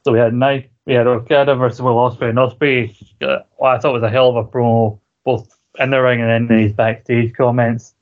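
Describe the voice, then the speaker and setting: A man's voice: medium pitch, little pitch movement, a little fast, few pauses. A man co-hosting a podcast, chatting casually about wrestling, laughing often and swearing freely. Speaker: podcast co-host. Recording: dull lo-fi recording.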